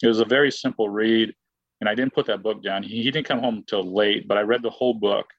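A man's voice: lowish voice, steady tone, fast talker, dry recording, highs cut off. A man telling a long personal story in a rambling, casual way, full of fillers and restarts, often acting out what he said and thought at the time. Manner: rambling, filler-heavy, with frequent restarts and acted-out quotes. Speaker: guest, former baseball player.

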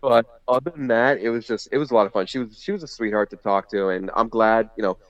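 A man with a lowish voice tells a story in loose, rambling podcast chat, full of "you know" and "like". His voice sounds dry and a little muffled, as if through a dull lo-fi recording. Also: fast talker, dry recording. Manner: rambling, many fillers and restarts. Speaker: podcast guest, former indie wrestler. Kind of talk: casual storytelling. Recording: slightly muffled lo-fi audio.

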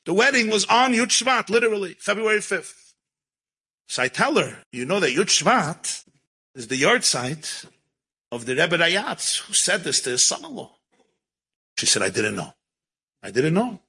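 Animated man telling a story, bright voice. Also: high voice, a little slow, pauses often, breathy edge, rough recording. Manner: animated, mixes Yiddish and Hebrew words into English. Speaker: rabbi and storyteller. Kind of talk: storytelling talk.

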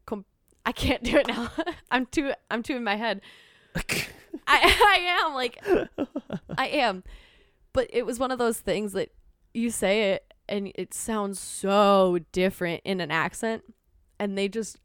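A young woman chatting as a podcast guest, telling stories in rambling, animated bursts that jump between tangents. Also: mid-range voice, moderate pace, clean tone, dry recording, studio quality. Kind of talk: casual chat.

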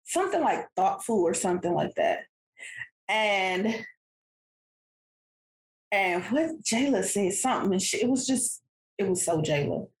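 Slow-talking woman in an echoey room. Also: mid-range voice. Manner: animated, laughs often, acts out voices. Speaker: podcast co-host. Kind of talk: casual storytelling chat.

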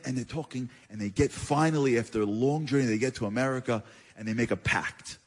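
A man telling a religious story in a chatty way, talking straight to his listeners with quick asides. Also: medium pitch, slightly rough. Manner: chatty, addresses listeners directly; animated, with quick asides and repeated phrases.

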